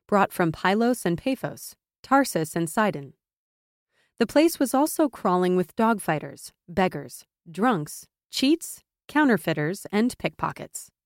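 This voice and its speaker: A woman's voice: mid-range voice, no room sound. Woman narrating an audiobook, dry sound. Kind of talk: scripted narration.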